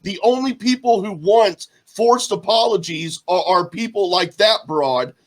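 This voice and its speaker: Guy cohost on a podcast, pretty high voice, blunt and opinionated. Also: unhurried. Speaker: podcast co-host. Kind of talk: casual chat.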